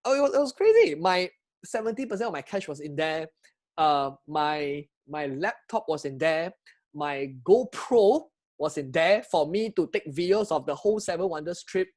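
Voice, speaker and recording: A man with a Singaporean English accent, telling a travel story to camera in an excitable, chatty way and asking his viewers questions. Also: on the high side, normal speed. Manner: excitable, chatty, asks viewers questions, frequent laughs and restarts. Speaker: travel vlogger. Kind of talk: animated personal storytelling to camera.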